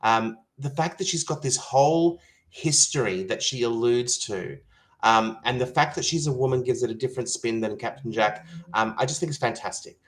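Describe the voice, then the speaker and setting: A man's voice: medium pitch, moderate pace, fairly bright tone, rough recording. A man speaking as a podcast guest, enthusiastic, with many hesitations and fillers. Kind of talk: conversational podcast discussion.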